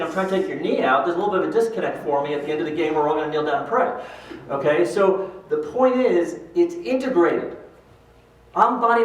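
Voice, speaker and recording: A fairly high-voiced older man gives a lively motivational talk, acting out the people in his stories. He is heard from a distance in a big, very echoey hall. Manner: animated storyteller acting out quoted voices. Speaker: speaker at a pro-life event.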